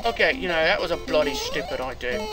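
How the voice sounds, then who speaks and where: A gaming commentator talking casually through retro games, excitable, yelping, laughing and cursing mildly at each mistake. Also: medium pitch, fast talker. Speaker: gameplay commentator. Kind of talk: casual let's-play commentary. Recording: game music playing behind.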